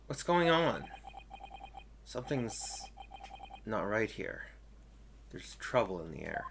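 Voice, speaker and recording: A man's voice: on the low side, big pitch swings, slow, vocal fry, background noise, full character voice. A man voicing a confused young protagonist in a game, who speaks in a hesitant, breathless way. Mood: bewildered. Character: bewildered young male protagonist.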